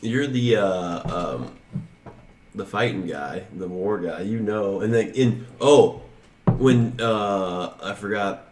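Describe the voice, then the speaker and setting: A man's voice: on the low side, slow pace, roomy sound. A man co-hosting a podcast in casual chat, rambling with lots of "like" and "you know what I mean.". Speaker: podcast co-host.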